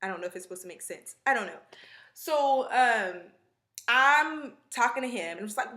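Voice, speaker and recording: Her voice on the high side and her pace moderate, a young vlogger rambles through a long, animated story for the camera. She fills it with fillers and side remarks, recorded in an echoey room.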